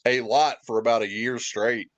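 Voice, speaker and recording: A man's voice: mid-range voice, fairly even intonation, normal speed, lo-fi sound, over a noisy crowd. A man from Indiana, a podcast guest, telling rambling, profane anecdotes with wry asides in casual chat.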